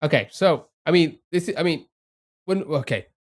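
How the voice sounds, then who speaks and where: A man's voice: a little high, lively intonation, moderate pace. A young man streaming a game live, thinking aloud, chatting to viewers and laughing often. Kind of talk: casual live-stream commentary.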